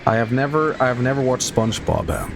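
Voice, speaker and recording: A man's voice: medium pitch, fast talker, vocal fry, background noise. A man streaming a horror game, making rambling jokes and chatting between moments. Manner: joking, rambling asides. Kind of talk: casual gameplay commentary.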